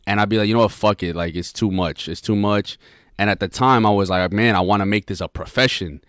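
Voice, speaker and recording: Deep-voiced young man, rambling slang. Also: fairly quick, fairly bright tone, clear, resonant tone, no room sound, clean studio sound. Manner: rambling, full of restarts and slang. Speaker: podcast co-host. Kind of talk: casual chat.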